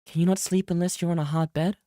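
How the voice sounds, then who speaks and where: A man's voice: a little high, fairly even intonation, quick pace, warm tone, dry recording, clean studio sound, voice pushed up, lightly acted. A man putting on a shy, earnest young woman's voice with a put-on British accent while reading game dialogue aloud. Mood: earnest, polite. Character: shy polite young woman, a kind junior.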